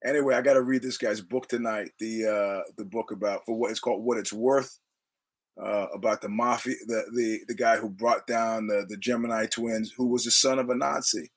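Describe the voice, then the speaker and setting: A man's voice: fairly low pitch, fairly even intonation, normal speed. A man hosting his own podcast, talking in a rambling, digressive way, quoting film lines and laughing often. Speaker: podcast host. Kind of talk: rambling casual monologue.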